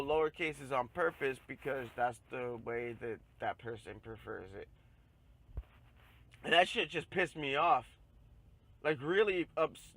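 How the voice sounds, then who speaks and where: A man hosting a podcast, ranting in a casual, profane way that grows loud and heated. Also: medium pitch, slight background noise, poor audio. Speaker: podcast host. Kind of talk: casual rant.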